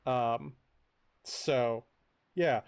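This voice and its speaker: A man's voice: medium pitch, very slow, vocal fry, smooth. A man streaming a game in casual chat, rambling and chuckling with many fillers.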